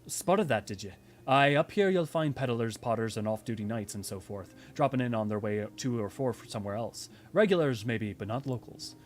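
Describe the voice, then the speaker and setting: A man voicing a blunt middle-aged tavern keeper in a fan reading of game dialogue, talking in a plain, folksy, low and measured way. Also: expressive, slight background noise, close to an everyday voice. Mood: wry.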